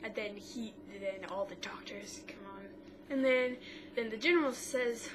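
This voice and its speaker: A woman's voice: a little high, a little slow. Woman recapping scenes on a noisy recording. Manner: retells scenes quote by quote, with frequent restarts. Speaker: co-host of a mother-daughter podcast. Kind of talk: casual chat recapping a TV episode.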